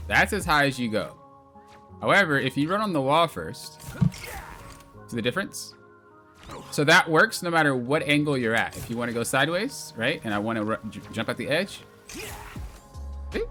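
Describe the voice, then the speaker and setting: A man casually coaching a player through a gameplay replay, explaining step by step and often saying "look" and "you see.". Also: medium pitch. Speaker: game coach.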